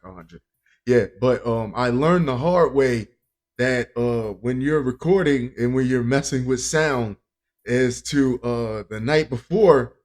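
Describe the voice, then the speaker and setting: A man's voice: mid-range voice, a little mellow. A man hosting a podcast in casual chat, rambling and joking with frequent chuckles. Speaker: podcast host.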